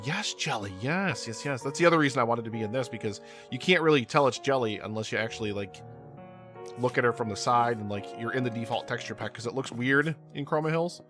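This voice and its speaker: A man's voice: mid-range voice, a little fast, a bit bright, soft background music. A man hosting his gaming channel, giving casual, rambling gameplay commentary with repeated words and many fillers.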